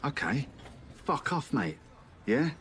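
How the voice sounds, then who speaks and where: An actor playing a blunt, sardonic debt collector who swears freely, in film drama dialogue. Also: male voice, medium pitch, big pitch swings, slow pace, a bit bright, a little hiss or hum. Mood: irritated.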